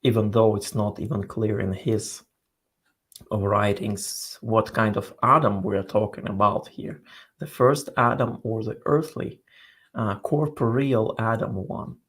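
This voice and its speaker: A man speaking as a guest in a scholarly interview, explaining in a halting way as he searches for words. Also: fairly low pitch, fairly bright tone, slightly rough.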